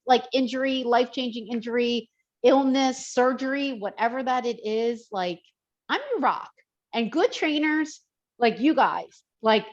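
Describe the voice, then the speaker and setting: A woman's voice: fairly high pitch, dull audio. A woman personal trainer talking in a podcast conversation, emphatic and heartfelt.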